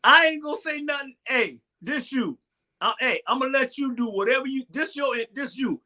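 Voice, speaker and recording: A man's voice: extremely high pitch, animated, moderate pace, bright, forceful tone. A man hosting a casual live-stream talk show, rambling and repeating himself as he jokes and complains. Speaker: show host.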